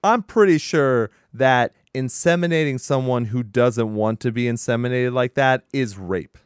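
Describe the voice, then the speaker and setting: Male podcast co-host, mid-pitched, casual and animated, swears, dry close mic. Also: unhurried, smooth, no echo. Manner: animated, laughs often, swears freely. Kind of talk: casual movie recap chat.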